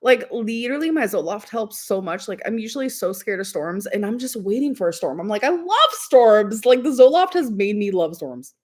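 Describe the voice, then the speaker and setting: A young woman chats to her livestream viewers in a loose, rambling way. She giggles often and fills her talk with "like" and "um". Her voice sits at an ordinary middle pitch. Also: lively intonation, brisk, hardly any pauses, darkish tone. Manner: chatty, rambling, giggly, lots of "like" and "um". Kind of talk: casual livestream chat.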